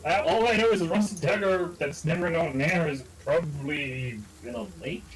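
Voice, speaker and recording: A man's voice: fairly high pitch, moderate pace, crowd noise, poor audio. A man as a player at a tabletop game, blunt and joking, with some swearing. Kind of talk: casual tabletop play.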